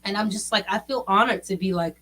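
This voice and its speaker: A woman who is a recording artist, chatting as a guest on a live stream in an energetic, casual way. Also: medium pitch, quick pace. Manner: energetic, bursts into song.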